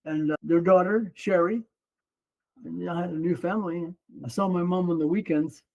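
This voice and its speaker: A man's voice: high-pitched, fairly even intonation, normal speed, gravelly, a little mellow. A man in his seventies from Mexico, talking earnestly about his life as a podcast guest, often saying "you know". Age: 70s. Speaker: guest, former runner and coach. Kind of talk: personal storytelling in conversation. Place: room at his home. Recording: dull lo-fi sound.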